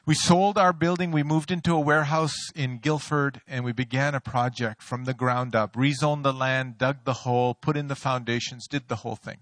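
A middle-aged man preaching a sermon, an animated storyteller who mocks himself and laughs often. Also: mid-range voice, moderate pace, hardly any pauses, no room sound. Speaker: pastor. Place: church sanctuary.

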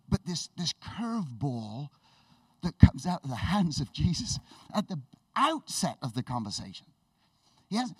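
A man preaching a sermon with enthusiastic, animated storytelling, laughing and restarting as he goes. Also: on the high side, husky, no room sound, distant mic.

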